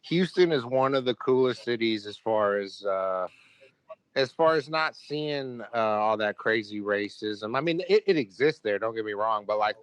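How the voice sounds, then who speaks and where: A man's voice: lowish voice, lively intonation, moderate pace, clean tone, dry recording. A man, a podcast guest in casual chat, giving blunt, emphatic opinions. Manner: opinionated, emphatic, speaks his mind bluntly.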